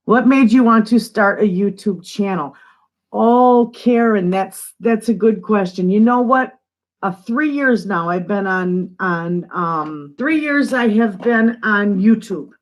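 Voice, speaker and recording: Taking it slowly in a medium-pitched voice, an older northern Michigan woman chats casually on her homestead channel's live stream. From a spot at home away from the living room, she greets viewers and reads their comments aloud.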